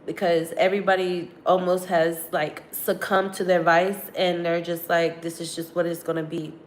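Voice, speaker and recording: Woman, emotional, near tears, candid, profane, rambling, vlog to phone camera, faint background hiss. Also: fairly low pitch. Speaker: vlogger. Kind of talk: emotional confessional livestream talk.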